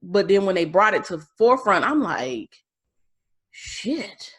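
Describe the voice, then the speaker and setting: A woman's voice: mid-range voice, a little fast, slightly rough. Blunt, swearing woman podcast co-host in her late thirties. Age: late 30s. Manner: blunt, swears freely, animated. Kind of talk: casual chat.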